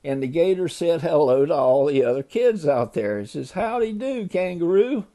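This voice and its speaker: A man's voice: medium pitch, animated, moderate pace, dark tone. An older man, a grandfather, loosely retelling a children's story to a grandchild, ad-libbing with small slips.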